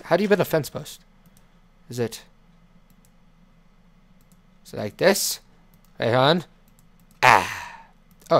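A man hosting a let's play, giving gameplay commentary in a playful way and chatting to and scolding his in-game animal. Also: a little high. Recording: clear background noise with clicking.

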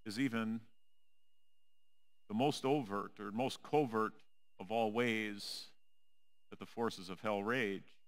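A male pastor preaching a sermon in a church, with a measured, dramatic delivery that drops low and quiet on the repeated refrains. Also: fairly even intonation. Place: church sanctuary.

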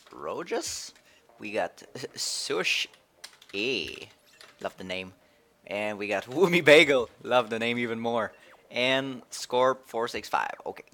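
A man streaming a video game live, chatting playfully and excitedly. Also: mid-range voice. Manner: playful, excitable, switching between English and French. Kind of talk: casual live-stream commentary.

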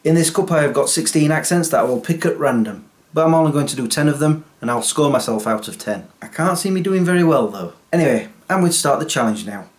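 A man's voice: on the high side, expressive, quick pace, hardly any pauses. A man chatting casually in a comedy vlog, self-deprecating and chatty. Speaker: vlogger.

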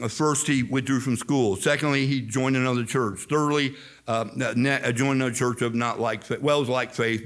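An older man preaching a sermon as pastor, telling stories with emphatic, repeated phrases. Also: mid-range voice. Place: church sanctuary.

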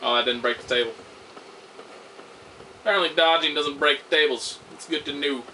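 A man commentating on his own gameplay, swearing loudly at the game and making sarcastic remarks. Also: a little high, moderate pace, a little hiss or hum. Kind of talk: let's play commentary.

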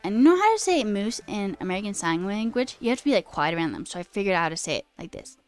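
A chatty, self-deprecating woman streams herself coding, chatting casually at a quick, sing-song pace over soft background music. Her pitch leaps high mid-sentence.

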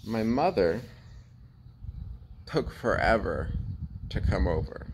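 A young man tells a personal story straight to camera in a candid, loose vlog manner, with curse words slipping in. His voice sits on the lower side. A faint hum of ambient noise sits behind him. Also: measured pace. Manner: candid, animated retelling with swearing and laughs. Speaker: vlogger.

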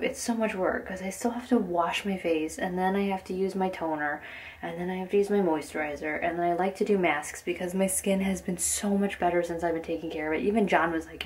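A young mother talking casually to her handheld camera at home at night. Her voice sits a little low, and she rambles along with plenty of "like" and "um." A faint hum of household ambience hangs behind her. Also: a little mellow. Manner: chatty, rambling, lots of "like" and "um". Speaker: family vlogger, mother.

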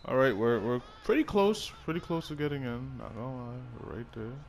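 Very animated and a little fast, this young YouTuber's medium-pitched voice runs a casual, foul-mouthed commentary over football video game play, punctuated by frequent outbursts. A slight hiss or hum sits under the audio.

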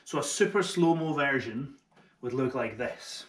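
A man teaching a double bass lesson online, who explains each step in an encouraging way and makes light jokes at his own expense. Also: normal speed, echoey room, loud music behind the voice. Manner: friendly and encouraging, with light self-mocking jokes. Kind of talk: online music tutorial.

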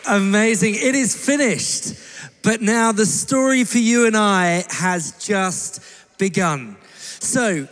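A man, a pastor, preaching in a steady, measured way with light humour. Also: high-pitched. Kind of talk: sermon. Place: church hall. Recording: echoey church hall.

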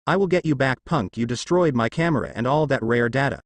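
A man voicing a greedy, grumbling fake director, a little higher than his usual voice, in a storybook reading. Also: a little fast, dry recording, natural voice. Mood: angry. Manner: grumbling, angry.

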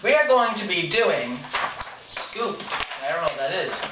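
A man hosting his own video, talking loudly in casual game chat and teasing as he goes. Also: sits high, very animated, a little slow, reverberant, distant mic, background noise. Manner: joking, teasing; talks loudly. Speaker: video host.

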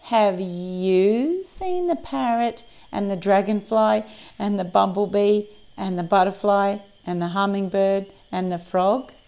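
A woman voicing a sly crocodile in a storybook, speaking slowly and pointedly. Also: medium pitch, mellow. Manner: snapping, then slow and drawn-out. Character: snappy crocodile, sly and slow.

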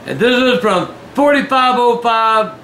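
An older man hosting a show, reading fan mail aloud in casual chat, gruff and given to shouting and cursing. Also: very high-pitched, expressive, unhurried. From Southern US. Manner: gruff, shouts and curses in bursts. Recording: echoey room with faint noise.

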